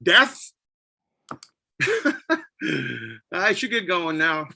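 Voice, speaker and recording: A man's voice: high-pitched, lively intonation, very slow, pushed and bright, slight background noise. A man giving a spoken-word poetry performance, brooding and self-questioning with a wry edge. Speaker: poet.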